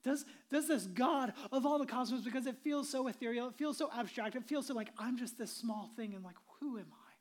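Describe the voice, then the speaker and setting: A woman pastor preaching a sermon in an earnest way, moving between emphatic and hushed delivery and sometimes dropping to a whisper. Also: high voice, a little fast, hardly any pauses.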